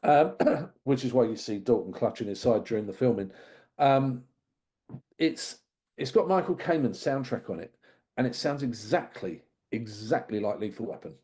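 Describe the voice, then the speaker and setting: Mellow-voiced man reviewing films. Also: mid-range voice, expressive, normal speed. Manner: chatty, digressive, amused. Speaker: podcast co-host. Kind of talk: casual film review chat.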